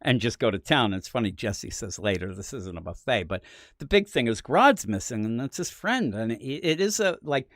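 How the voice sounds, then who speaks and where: Lively middle-aged man on a podcast. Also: mid-range voice, normal speed, no room sound, studio quality. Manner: animated, acts out scenes in voices. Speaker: podcast host. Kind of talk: casual comic book review chat.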